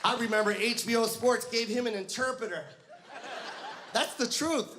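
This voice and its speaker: A male stand-up comedian telling stories with animated, profane delivery, shouting his punchlines on stage. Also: very high-pitched, moderate pace, crowd noise. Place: comedy stage before a live audience. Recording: live stage mic with audience and room noise.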